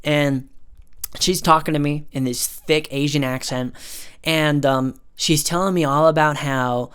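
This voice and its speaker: A man's voice: on the high side, steady tone, unhurried, a bit bright, clean tone. A man telling a personal story in a casual, rambling way, swearing often and filling his speech with "like" and "you know". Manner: rambling, profane, heavy filler words.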